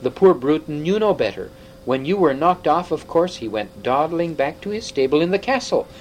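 A man reading an audiobook, voicing an excitable old half-dwarf scholar who lectures briskly. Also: a little high, a little hiss or hum, pitched above the performer's own voice, close to an everyday voice, rough recording. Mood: explaining.

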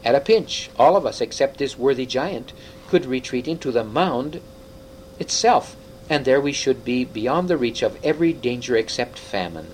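A man reading an audiobook, voicing an excitable old half-dwarf scholar who lectures briskly. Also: medium pitch, a little hiss or hum, lightly acted, poor audio. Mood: explaining.

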